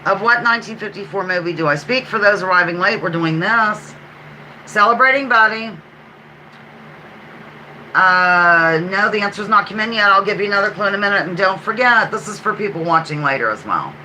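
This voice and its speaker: Woman, Pennsylvania accent, live trivia host. Lively, animated delivery, chatty and self-correcting. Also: mid-range voice, slight background noise, rough recording. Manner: chatty, self-correcting, repeats clues slowly. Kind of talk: casual live trivia chat.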